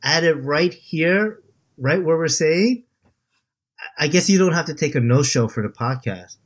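Laughing, animated male podcast co-host. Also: on the high side, measured pace. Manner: laughs often, animated banter. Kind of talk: casual podcast chat.

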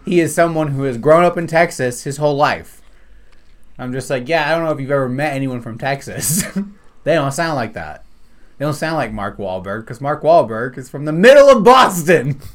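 A man's voice: medium pitch, moderate pace. Ranting profane man on a comedy podcast. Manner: animated, profane, ranting with loud acted outbursts. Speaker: podcast guest. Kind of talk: casual comedy podcast chat.

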